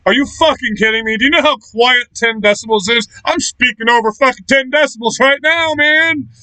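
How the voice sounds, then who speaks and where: This man, a political vlogger from Florida, is ranting in a small shack, cursing heavily and coming across as loud, aggressive, and confrontational. His very high voice has a clear, resonant tone at a moderate pace. There is no room sound, and the recording quality is low.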